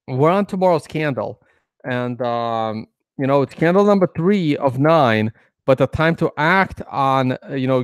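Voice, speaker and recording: A crypto trading video host gives loose, rambling chart analysis packed with fillers and restarts. His mid-range voice comes across clear and resonant, recorded at studio quality with no echo.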